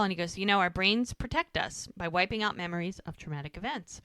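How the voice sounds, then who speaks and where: A woman's voice: lowish voice, normal speed, sharp tone, smooth, no echo. A woman co-hosting a podcast, retelling scenes in a casual chat and acting out the characters' lines. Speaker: podcast co-host recapping episodes.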